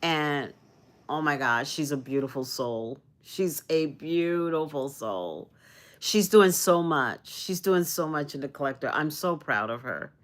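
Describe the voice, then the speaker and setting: Slow, low-voiced woman chatting live. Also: expressive. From Arizona. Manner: rambling and earnest, often repeats phrases and restarts; spiritual, uplifting talk about energy and self-love. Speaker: live streamer. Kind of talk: casual livestream chat with viewers.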